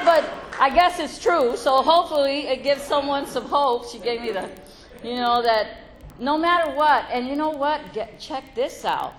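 A woman's voice: high-pitched, normal speed. Frank, laughing woman sharing her story. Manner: frank, laughing, swears freely. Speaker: recovery meeting speaker. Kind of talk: candid personal testimony. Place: meeting room with an audience. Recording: faint crowd and background noise.

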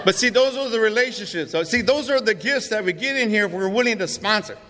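A man's voice: high-pitched, lively intonation, fast. A middle-aged man speaks to a recovery meeting, telling his own story in a raw, profane, streetwise way. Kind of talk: testimony talk to a recovery meeting. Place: meeting hall. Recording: reverberant hall with faint room noise.

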